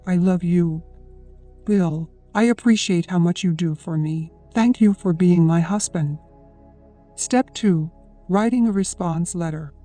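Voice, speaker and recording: Audiobook narrator, mellow warm tone, calm even read, soft music underneath. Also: mid-range voice. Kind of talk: scripted narration.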